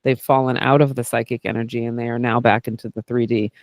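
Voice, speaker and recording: A man who hosts a podcast and works as a therapist, talking in a casual chat. He is candid and animated, swears freely and keeps saying "like" and "right?". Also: mid-range voice, fast talker, gravelly, no room sound, clean studio sound. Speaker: podcast host and therapist doing intuitive work.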